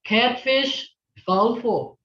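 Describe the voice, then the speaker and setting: A woman's voice: a little high, drawn-out words, a bit bright. A woman teaching an online language lesson, patiently modeling words for a learner to repeat back. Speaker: language instructor. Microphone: video call. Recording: dull lo-fi video call audio.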